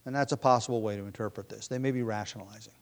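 A man's voice: on the low side, steady tone, rapid-fire. A man preaching a sermon in a conversational way, thinking aloud and acting out quoted lines.

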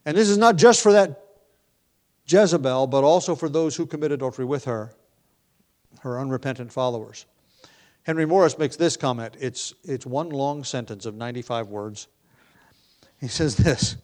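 A man preaching a verse-by-verse sermon, reading scripture with rising emphasis and slipping into relaxed asides with ums and light laughs. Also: mid-range voice, moderate pace, long pauses. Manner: conversational with filler ums and restarts. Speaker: pastor. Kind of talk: expository sermon.

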